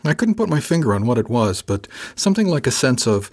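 A man narrating a first-person science fiction audiobook in a measured, even storytelling manner. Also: medium pitch.

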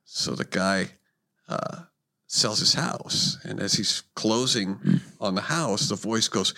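A man's voice: on the low side, takes it slowly, gravelly, sharp tone. A man telling a joke in casual chat, acting out the characters as he goes.

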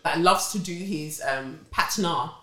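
A woman, chatting casually as a podcast co-host, animated and swinging between loud and hushed. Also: low-pitched, a little slow, a crowd in the background. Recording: echoey room.

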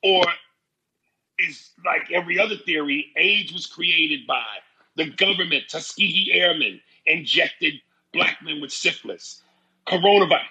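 A man in casual chat, telling stories in an animated, profane way. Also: sits high, breathy edge, low-quality recording.

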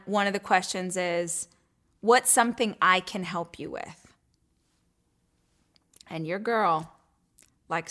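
A woman hosting her own weekly show, telling a story in a chatty, animated way, full of "like" and acting out her own thoughts in whispers and squeals. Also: mid-range voice. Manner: chatty, lots of "like". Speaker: show host. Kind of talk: casual storytelling chat.

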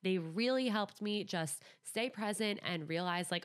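A woman's voice: medium pitch, measured pace, hardly any pauses. A young woman hosting a podcast, chatting casually and upbeat with lots of "like". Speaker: podcast host.

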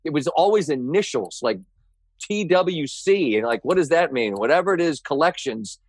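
A man's voice: fairly high pitch, lively intonation, moderate pace, slightly rough, no room sound. A middle-aged male sports broadcaster chatting as a podcast guest, laughing and riffing playfully. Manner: laughing, playful, riffs on the host's stories. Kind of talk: casual chat.

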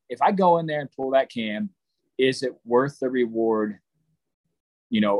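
A man's voice: mid-range voice, dry recording, rough recording. A man giving a casual, plain-spoken lesson on deer hunting, with frequent ums and restarts. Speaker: hunting instructor. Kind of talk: casual instructional talk.

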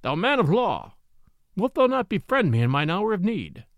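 A man's voice: high voice, very animated, moderate pace, vocal fry, dry recording, heavily acted. A man reading a stern, wronged old knight. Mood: pleading. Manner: solemn, pleading then stern.

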